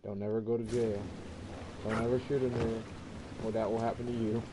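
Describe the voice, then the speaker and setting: A man's voice: lowish voice, flat delivery, fairly quick, background noise. A man giving loose, laughing commentary over a game, repeating himself and talking to a friend. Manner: laughing, repetitive, addresses a friend. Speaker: gaming video host. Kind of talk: casual commentary over gameplay.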